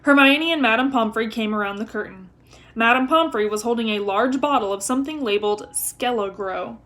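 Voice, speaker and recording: A woman's voice: a little high, a little fast. Woman reading a novel aloud. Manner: expressive storytelling. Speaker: reader.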